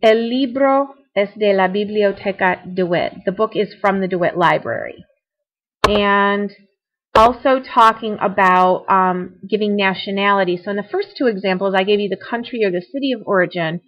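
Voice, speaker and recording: A woman's voice: mid-range voice, moderate pace, highs cut off, a little hiss or hum. A young adult woman teaching a recorded Spanish grammar lesson, explaining points conversationally with repetition and small asides. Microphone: computer mic for screencast.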